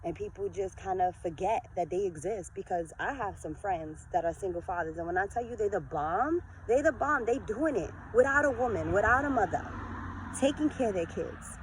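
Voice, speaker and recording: A woman in her forties giving an earnest, lively motivational talk to her followers in a vlog. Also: medium pitch, moderate pace, slight background noise, poor audio. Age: 40s. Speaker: vlogger.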